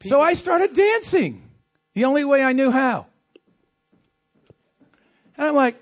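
A man's voice: extremely high pitch, big pitch swings, slow. A man preaching a sermon as a pastor, telling stories animatedly and acting out quoted asides. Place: church.

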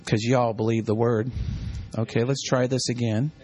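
A man's voice: mid-range voice, level tone, normal speed, a little mellow. A man preaching a sermon, teaching with call-and-response and repeating key lines for the congregation. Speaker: pastor.

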